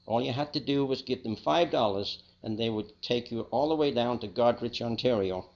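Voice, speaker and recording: An older man from England speaks with a Liverpool accent, recounting his past in a plain, unhurried testimony with the odd restart. His voice sits at an ordinary pitch with a gravelly, creaky edge. The recording sounds a little dull and muffled. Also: darkish tone. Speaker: speaker giving a personal testimony. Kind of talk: reflective storytelling.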